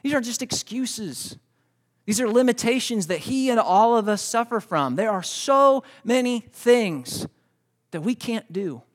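High-voiced pastor preaching conversationally. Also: male voice, lively intonation, measured pace. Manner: conversational storytelling, repeats words; addresses congregation directly. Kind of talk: sermon.

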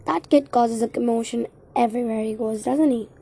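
A woman's voice: fairly high pitch, brisk, warm tone, a little hiss or hum, natural voice. A woman reading aloud, voicing a brash young woman friend who jokes and complains. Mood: teasing. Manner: joking, complaining.

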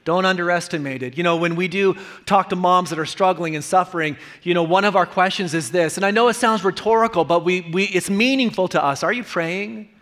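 A man's voice: high voice, brisk, hardly any pauses, fairly bright tone. A man, a pastor, preaching a sermon in an earnest, conversational way and repeating key lines.

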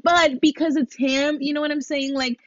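Woman with a high voice, laid back podcast chat, laughs a lot, dry close sound. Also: normal speed, dry recording, muffled recording. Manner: laughs often, relaxed commentary. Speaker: podcast co-host. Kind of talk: casual chat.

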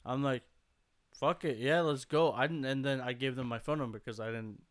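A man's voice: mid-range voice, steady tone, normal speed. A young man telling a story in casual podcast chat, swearing freely and acting out the voices of the people he quotes. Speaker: podcast co-host.

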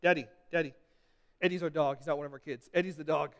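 A man's voice: on the high side, fairly even intonation, very fast, big-room sound. A man preaching a sermon as pastor, repeating himself with restarts and building to emphatic peaks. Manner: repetitive, stammering restarts, building to emphatic crescendos.

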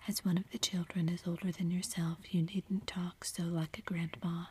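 A woman voicing an earnest, remorseful young man in love, in a soft, pleading, heartfelt whispered role-play. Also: lowish voice, little pitch movement, moderate pace, slight background noise, lightly acted. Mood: tender.

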